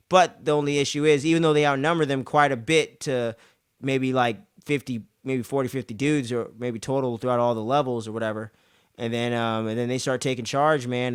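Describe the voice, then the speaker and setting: A man's voice: medium pitch, smooth, no room sound, clean studio sound. A young man hosting a podcast, recapping an episode in loose, profane casual talk, filling his sentences with "man" and "uh". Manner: loose and profane, acts out characters' lines in exaggerated voices; many fillers like "man" and "uh".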